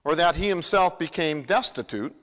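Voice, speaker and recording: A man giving a sermon in a church, talking in a casual, storytelling way and voicing the Bible's speakers as he goes. His voice sits a little high for a man, and a long reverb trails each phrase through the large hall. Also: lively intonation, normal speed, fairly bright tone. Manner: conversational, acts out the Bible dialogue. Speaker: pastor.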